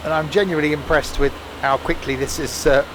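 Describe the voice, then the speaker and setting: A man's voice: fairly high pitch, fairly even intonation, a little fast, background noise. A man streaming a train simulator live, chatting and rambling as he counts off the stops. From England. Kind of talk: live game commentary.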